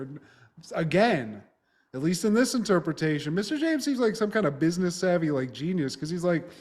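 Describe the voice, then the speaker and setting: A male podcast co-host with a slightly high voice talks through old TV episodes in loose, casual chat. He swears freely and laughs his way through the story. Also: brisk. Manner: profane, animated recapping with frequent laughter.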